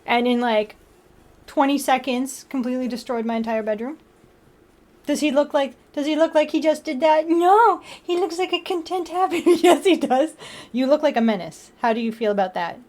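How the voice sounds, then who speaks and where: Speaking at an ordinary pace, a young woman hosts a relaxed livestream in a high, slightly mellow voice. She's chatty and full of giggles, cooing baby talk at her cats in between remarks to viewers.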